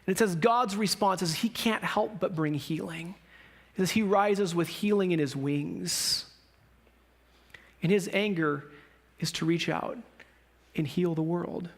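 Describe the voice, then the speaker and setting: A man's voice: high voice, measured pace, long pauses. A man pastor preaching a sermon in a conversational style, with emphatic rises when he speaks for God and the prophets. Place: church sanctuary.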